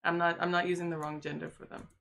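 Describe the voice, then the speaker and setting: Bright-voiced young woman streamer. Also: fairly low pitch, level tone, fast talker, vocal fry. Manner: candid, laughs often, swears freely. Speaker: livestreamer. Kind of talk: casual livestream commentary.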